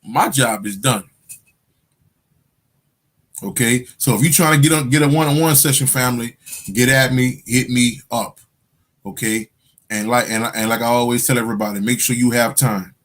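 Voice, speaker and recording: Man, spiritual coach, casual livestream chat, profane, animated storyteller, laughs often, mid-pitched voice. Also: normal speed, long pauses. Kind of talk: casual livestream talk to viewers.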